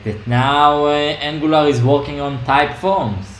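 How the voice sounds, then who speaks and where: A man joining a casual online Q&A, speaking slowly and laughing along. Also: fairly high pitch, a bit bright, reverberant, a little hiss or hum. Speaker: co-host.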